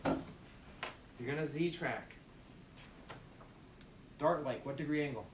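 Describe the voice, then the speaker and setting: This nursing instructor talks slowly in a voice on the high side, repeating points and questioning students in a classroom demonstration lecture. A distant mic in an echoey room picks up background noise.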